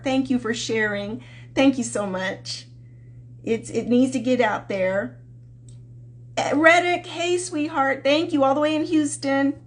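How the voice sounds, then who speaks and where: A woman love coach hosting a live-stream Q&A, chatting casually and affectionately with viewers and calling them sweetheart. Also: high-pitched.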